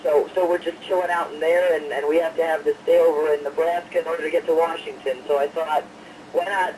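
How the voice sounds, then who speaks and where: Relaxed guest man on a phone line. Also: a little high, fast talker, recorded from a distance, slight background noise. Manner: easygoing, rambling with fillers and laughs. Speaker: guest singer. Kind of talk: casual interview over the phone.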